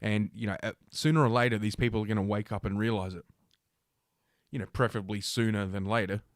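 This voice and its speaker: Low-voiced man ranting sarcastically. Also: little pitch movement, quick pace, no echo, studio quality. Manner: sarcastic, profane and combative. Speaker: livestream host. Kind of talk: ranting commentary while reading news aloud.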